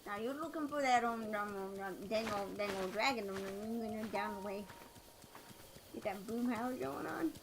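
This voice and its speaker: A woman's voice: mid-range voice, normal speed, background noise. A woman streamer chatting casually while she plays, rambling with many fillers and restarts. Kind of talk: casual chat while gaming.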